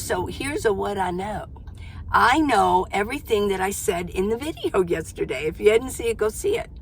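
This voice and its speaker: A woman's voice: medium pitch, a little hiss or hum. An older woman chats to her viewers from inside her minivan. She is exclamatory and talkative, and she often stops herself partway through a thought to start it again. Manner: chatty, self-interrupting, exclamatory. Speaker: van life vlogger. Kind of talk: casual chat to camera.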